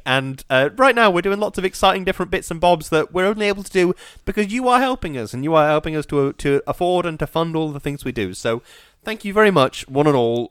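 A man co-hosts a podcast with animated, self-mocking chat. His pitch swings widely and sits a little high. The recording is close and dry. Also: clear, resonant tone, no room sound. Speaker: podcast co-host. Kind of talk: casual chat.

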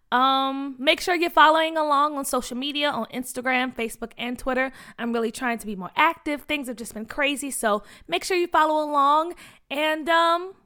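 Energetic woman storyteller for a kids' podcast, with a high, bright voice. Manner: excited, energetic. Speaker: children's story podcast host. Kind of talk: upbeat storytelling and announcements.

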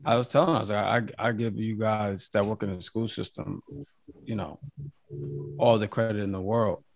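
A man, co-hosting a podcast, talking in a halting casual way. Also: fairly low pitch, fairly even intonation, no room sound. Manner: halting, restarts, fillers. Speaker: podcast co-host. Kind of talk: casual chat.

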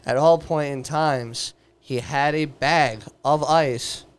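A man's voice: on the high side, steady tone, takes it slowly, smooth. A young man telling a rowdy story in casual chat, swearing and laughing and acting out the people he quotes. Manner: profane, laughing, acts out quoted voices.

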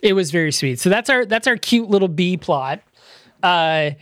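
A man with a voice on the higher side recaps a film for a podcast. He talks in a loose, rambling way, filling gaps with "like" and "you know". His mic is close and dry, with no room sound. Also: expressive, normal speed, fairly bright tone, no echo. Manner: rambling, filler-heavy retelling with lots of "like" and "you know". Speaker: podcast co-host. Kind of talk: casual movie review chat.

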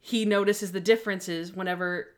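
A woman co-hosting a podcast, talking casually about a TV episode she watched. She tells it in an animated way, sprinkling in "like" and slipping into bits of the scenes as she goes. Her voice sits at an ordinary middle pitch for a woman. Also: normal speed. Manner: animated retelling with many "like"s, acting out scenes. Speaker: podcast co-host. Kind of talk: casual chat recapping a TV episode.

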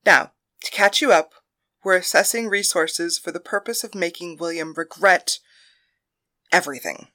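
A woman voicing a calm female leader who speaks quietly and in a measured way. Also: lowish voice.

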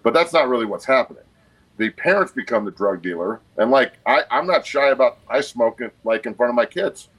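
A man's voice: mid-range voice, expressive, fairly quick, fairly bright tone, slightly rough, poor audio. A man in his forties, a guest on a podcast, talking bluntly and emphatically with a lot of swearing. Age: 40s. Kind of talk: casual podcast conversation.

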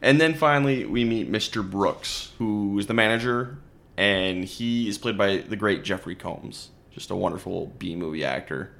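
A man's voice: on the low side, moderate pace, vocal fry, a bit bright. Sarcastic man recapping a movie. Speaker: podcast host. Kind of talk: casual movie review chat.

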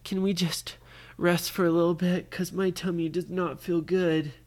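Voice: medium pitch, level tone, normal speed, pitched above the performer's own voice, close to an everyday voice. Cast: storyteller as a poorly young boy, weak and stammering. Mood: weary. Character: sick, thirsty young boy.

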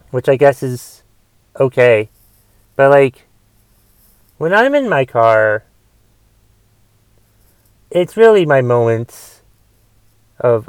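Grumbling young man with a smooth voice. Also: medium pitch, darkish tone, no room sound. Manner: grumbling, rambling with restarts and swearing. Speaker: podcast host. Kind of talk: casual solo podcast rant.

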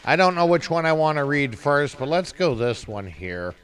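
A man's voice: on the high side, big pitch swings, normal speed. Crude joking man hosting a podcast. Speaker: podcast host. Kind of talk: casual banter.

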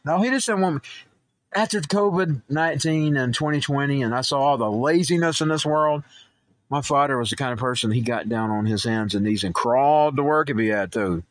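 A man's voice: mid-range voice, no echo. A man who hosts a political talk show, rambling through personal stories and news commentary, stumbling and restarting, and growing heated.

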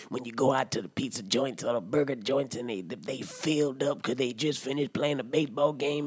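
A rowdy drunk uncle holds forth with a husky, breathy voice, as a man puts him on. He rants and swears loudly, then sinks into low asides in a comic monologue. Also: no echo. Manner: loud profane rant, swings to low mutters. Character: rowdy drunk middle-aged uncle ranting. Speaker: comedy podcast character. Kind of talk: comedic monologue.

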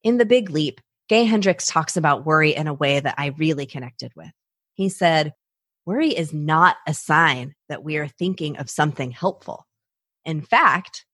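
Woman podcast host, lowish voice, lively and self-mocking, dry close mic. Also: slightly rough, no echo. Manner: animated, acts out her own anxious inner voice. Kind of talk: personal podcast monologue.

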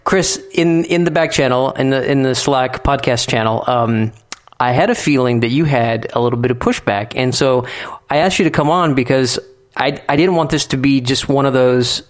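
A man's voice: medium pitch, moderate pace. Male podcast host, easygoing and joking. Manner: joking, playful. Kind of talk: casual podcast discussion.

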